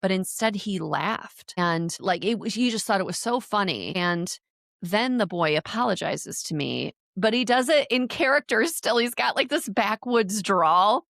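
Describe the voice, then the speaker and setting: A woman's voice: medium pitch, animated, measured pace, gravelly, a bit bright, no echo, clean studio sound. A woman guest in an interview, telling a personal story in an earnest way with frequent restarts.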